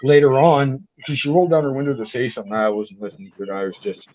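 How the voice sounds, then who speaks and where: A man chatting casually on a video call, telling animated stories and swearing casually. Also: mid-range voice, fairly quick, few pauses, a little hiss or hum. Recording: muffled lo-fi call audio.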